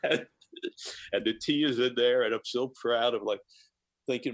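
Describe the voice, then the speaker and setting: A man, a chef, telling a personal anecdote in an interview, animated and laughing often. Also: medium pitch, normal speed, pauses often, no room sound, poor audio. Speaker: guest chef.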